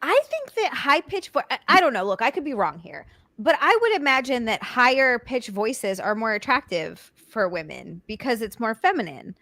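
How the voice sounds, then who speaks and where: A giggly young woman hosts a casual live stream, thanking her viewers and cursing offhand. Her bright, fairly high voice sits close to the mic with a dry sound. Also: very animated, moderate pace, no echo. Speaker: streamer host.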